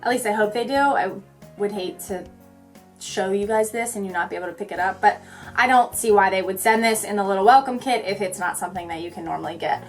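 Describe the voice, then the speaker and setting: Fast-talking bubbly young woman vlogger. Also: mid-range voice, faint music behind. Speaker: beauty vlogger. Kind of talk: chatty makeup tutorial talk-through.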